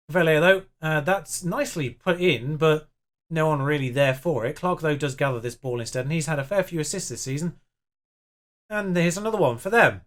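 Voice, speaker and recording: In this let's-play clip, a young YouTube player chats and mocks himself while muttering through his match. His voice is a bit high with a fairly bright tone.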